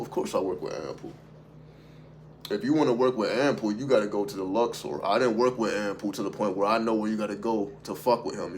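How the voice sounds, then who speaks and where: A man with a lowish voice riffs unscripted to his livestream audience as a spiritual content creator. He talks emphatically, swears freely and keeps asking rhetorical questions. A faint hum sits behind him.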